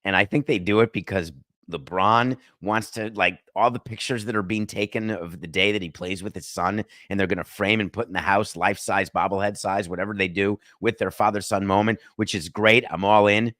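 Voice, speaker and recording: A brash middle-aged man holding forth as a sports podcast host, cracking jokes and tossing off quick asides. His voice sits fairly low, and the sound is dry and close, with no room around it. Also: fairly even intonation, fairly bright tone, dry recording. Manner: brash, joking, fast asides. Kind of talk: casual sports commentary monologue.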